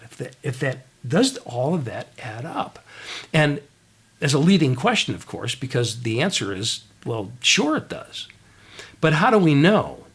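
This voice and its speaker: A man telling a story in a leadership talk, animated and conversational, often checking in with the audience. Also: fairly high pitch. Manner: animated storyteller, frequent "right?" asides. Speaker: leadership speaker.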